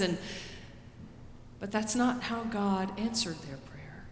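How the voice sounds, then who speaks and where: A woman pastor preaching a sermon in a slow, deliberate way, rising for quoted pleas and dropping soft after them. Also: mid-range voice, animated, slight background noise. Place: church sanctuary. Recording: roomy church with long reverb.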